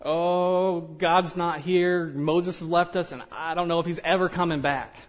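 A man's voice: fairly high pitch, fairly even intonation, measured pace, pitched above the performer's own voice, lightly acted. A man voicing anxious, abandoned ancient Israelites in a raised, whining, forlorn way during a sermon illustration.

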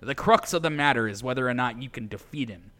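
A man's voice: mid-range voice, animated, a bit bright, natural voice. A man voicing a solemn, weary veteran ally. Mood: grave. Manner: solemn, slow and deliberate. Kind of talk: reading game dialogue aloud.

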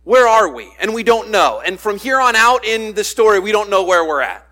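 A man's voice: sits high, very animated, normal speed, bright, forceful tone. A man preaching a sermon in a conversational way, acting out the voices he quotes. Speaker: pastor.

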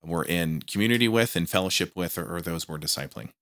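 A man's voice: deep voice, fast talker, fairly bright tone, no room sound. A man hosting a podcast in a small studio, interviewing a guest in casual chat, eager and often restarting his words. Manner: enthusiastic, repetitive restarts, stammering on words. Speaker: podcast host.

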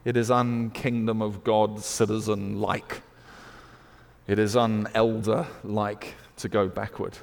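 British preacher in a reverberant hall. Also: male voice, fairly low pitch, little pitch movement, slow, gravelly. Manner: builds to loud emphatic declarations, then drops to hushed storytelling. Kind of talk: sermon.

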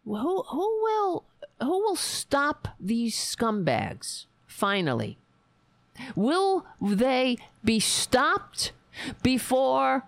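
Slow, angry, sarcastic woman ranting. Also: a little high, dry recording. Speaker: livestream host. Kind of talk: casual political rant.

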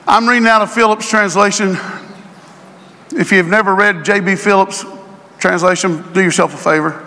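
A middle-aged male pastor preaching to his congregation, drawing out phrases for emphasis and rising to shouts. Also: high-pitched, steady tone, moderate pace, pauses often. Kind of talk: sermon. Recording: long hall reverb.

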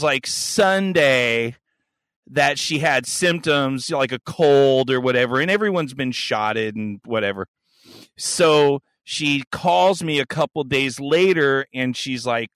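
A man's voice: a little high, a bit bright, no echo. A man hosting a podcast, telling a crude story in casual chat and acting out the voices and yelps. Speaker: podcast host.

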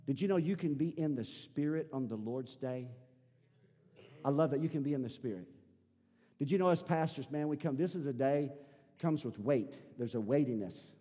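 A male pastor preaching a sermon, repeating his phrases and building up to shouting. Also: medium pitch, moderate pace, in a large hall, faint music behind. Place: church sanctuary.

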